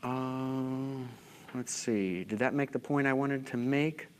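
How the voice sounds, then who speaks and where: A middle-aged man lecturing at a conference, animated and full of rhetorical questions, sometimes losing his place. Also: mid-range voice, slow pace, slight background noise. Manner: self-interrupting, loses his place. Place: lecture hall.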